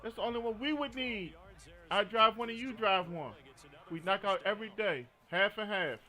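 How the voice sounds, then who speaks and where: Game streamer, man, high voice, joking, storytelling banter. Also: moderate pace, pushed and bright. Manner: joking, storytelling, frequent laughter. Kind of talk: casual gaming commentary.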